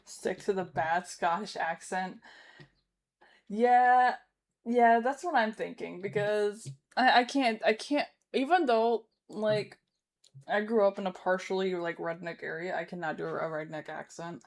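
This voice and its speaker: A woman's voice: medium pitch, measured pace. Rambling woman streamer. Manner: rambling, self-correcting, laughs easily. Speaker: streamer host. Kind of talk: casual livestream reaction chat.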